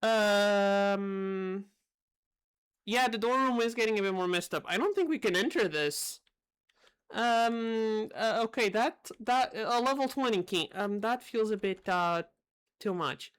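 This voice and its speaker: A woman's voice: medium pitch, animated, slow, clean tone. A young woman streaming a game live, reacting with wry, sarcastic asides. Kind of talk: live gameplay commentary.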